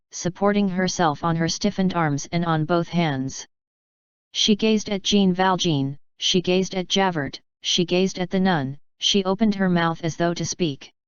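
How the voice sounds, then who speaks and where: A woman narrating a classic novel as an audiobook, in a measured, even reading. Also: lowish voice, smooth, dry recording, highs cut off.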